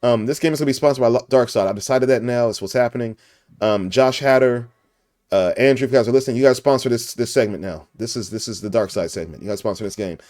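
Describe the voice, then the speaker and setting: A man's voice: medium pitch, quick pace, a little mellow, no room sound, clean studio sound. Goofy joking podcast host, a man. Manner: joking, goofy, laughs often. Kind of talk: casual podcast chat.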